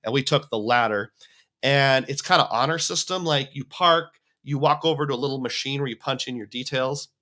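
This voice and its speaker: A man's voice: medium pitch, a little fast, pushed and bright. A man hosting a livestream, talking casually and rambling as he reads viewer comments. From United States. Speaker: livestream host.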